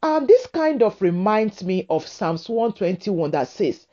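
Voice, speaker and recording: Slow, lively-pitched woman preaching. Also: highs cut off. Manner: slow, emphatic, repetitive preaching cadence. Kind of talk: sermon.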